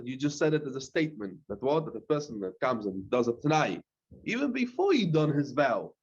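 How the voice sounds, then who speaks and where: A rabbi teaching a Talmud class, reading the text in a singsong chant and explaining it in plain, hesitant speech. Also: male voice, medium pitch, lo-fi sound. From London. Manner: hesitant, with many "uh" fillers.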